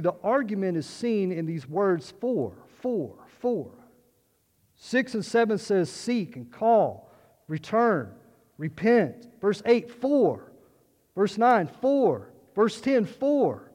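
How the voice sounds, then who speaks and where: A man's voice: high-pitched, in a large hall. A male pastor preaching a sermon, emphatic, repeating key words and asking the listeners rhetorical questions.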